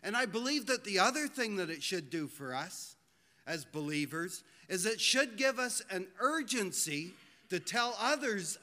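A man preaches to a congregation in an earnest, pleading voice, drawing out key words. His voice sits high and sounds bright and forceful. The sound rings with the long reverb of a church hall. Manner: earnest, pleading, slows for emphasis. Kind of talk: sermon.

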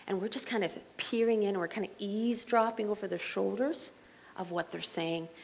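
A middle-aged woman leading a Bible study group in a chatty, animated way, full of asides and fillers. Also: medium pitch, normal speed, creaky, slight background noise, low-quality recording.

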